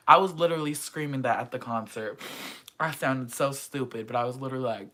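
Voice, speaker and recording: A vlogger chatting casually and excitedly about a concert, full of slang and swearing. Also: mid-range voice, fairly quick. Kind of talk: casual chat.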